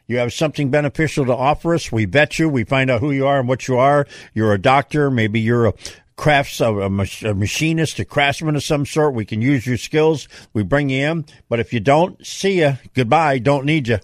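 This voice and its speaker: A man's voice: medium pitch, no room sound, studio quality. Punchy male talk radio host. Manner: brisk, agreeing, punchy asides.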